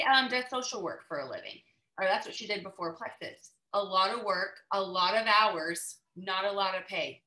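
Woman on a video call, bright punchy voice, hyped motivational talk, roomy echo. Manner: high-energy, peppers lines with "right?" and "okay?". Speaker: host of a team video call.

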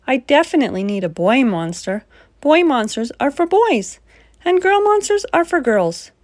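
A woman's voice: high-pitched, very animated, normal speed, no echo, studio quality, voice pushed up. A woman voicing a fussy, demanding young boy who questions each monster.

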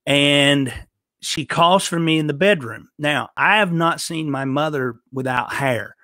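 A man's voice: fairly high pitch, sharp tone, no room sound. Earnest man telling a faith testimony. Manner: earnest, halting with repeated restarts. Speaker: podcast host telling a personal testimony. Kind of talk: emotional storytelling testimony.

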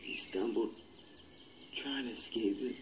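A man's voice: mid-range voice, unhurried, lightly acted. A man playing a brooding nightmare-haunted young guy. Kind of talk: amateur short film acting. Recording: noisy outdoor audio with birdsong.

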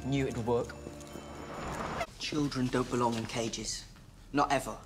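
A man's voice: mid-range voice, fairly even intonation, unhurried, lightly acted. A young man playing a cocky, playful resistance fighter in a live-action TV drama. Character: brash, boyish young male rebel fighter. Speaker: resistance fighter in a teen sci-fi series. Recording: TV soundtrack with music underneath.

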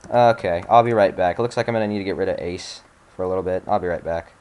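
A man's voice: low voice, fast talker, a little mellow, smooth. Exasperated, cursing man playing a game. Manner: exasperated, swears often, mutters to himself. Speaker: video game let's-play host. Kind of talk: casual gameplay commentary.

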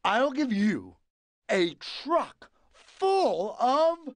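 The whiny, pleading cartoon Pigeon. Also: female voice, fairly high pitch, big pitch swings, very slow, dry recording, full character voice. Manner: wheedling, bargaining, dramatic outbursts. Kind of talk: animated game character voice.

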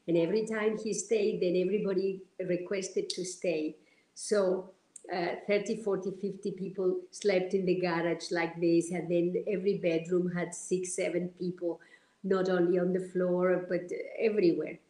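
A woman from Argentina, telling stories as an interview guest in an animated, halting way with many fillers. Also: on the low side, roomy sound, rough recording. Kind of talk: storytelling in an interview.

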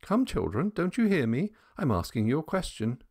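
A man's voice: fairly high pitch, sing-song, normal speed, a little mellow, breathy edge, dry recording, clean studio sound, voice pushed up, full character voice. A man voicing a logical, impatient young governess in an audiobook, asking firm questions. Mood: stern.

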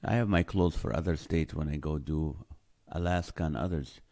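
A man's voice: extremely low pitch, normal speed, mellow. A man hosting a casual livestream from home, greeting viewers by name and joking as he reads their comments. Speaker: livestream host. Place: home in California.

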